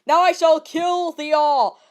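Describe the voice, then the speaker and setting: A woman voicing a cackling evil male dark wizard who speaks slowly in old-fashioned thou and thee. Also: high voice, fairly even intonation. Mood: menacing.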